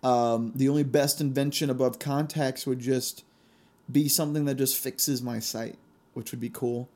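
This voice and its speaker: A man's voice: mid-range voice, moderate pace. Gleeful young man telling stories. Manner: animated, gleeful storytelling with laughs. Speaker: podcast host. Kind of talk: casual solo podcast chat.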